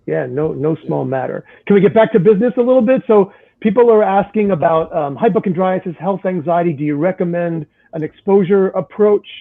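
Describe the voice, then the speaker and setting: A man's voice: fairly high pitch, creaky. A man moderating a casual panel over a video call, chatty, often trailing off and restarting. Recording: tinny phone-like line.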